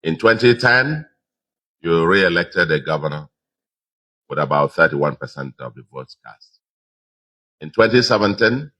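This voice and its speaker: A man's voice: low voice, pushed and bright. A man with a Nigerian accent, a governor giving an emphatic acceptance speech to a crowd and repeating phrases for stress.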